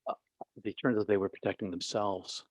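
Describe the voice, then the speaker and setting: Animated male guest, low dry voice. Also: a little fast, dry recording. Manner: animated, restarts often, acts out quoted people. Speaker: guest, author and former minister. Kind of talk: storytelling interview.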